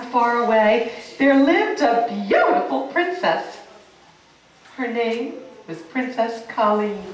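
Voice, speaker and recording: A woman telling a fairy tale to children at a party, animated and coaxing, getting the children to join in. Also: a little high. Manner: animated, coaxing, sing-song. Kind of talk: interactive storytelling for children. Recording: echoey room, mic far off.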